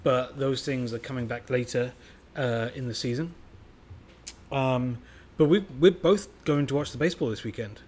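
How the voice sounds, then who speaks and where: A man's voice: mid-range voice, normal speed, darkish tone, a little hiss or hum. A man co-hosting a podcast in casual chat, with dry, self-mocking humor. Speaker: podcast co-host.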